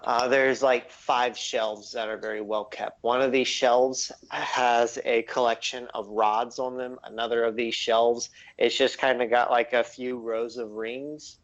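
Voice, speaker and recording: A man narrating a tabletop game as game master, halting and full of ums and likes. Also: mid-range voice, little pitch movement, dull audio.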